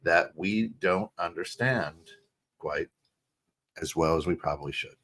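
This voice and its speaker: A middle-aged American man co-hosting a podcast, talking in an animated, casual way, restarting phrases and often asking "right?". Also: low-pitched, measured pace, husky. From United States. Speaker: podcast co-host. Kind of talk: casual chat.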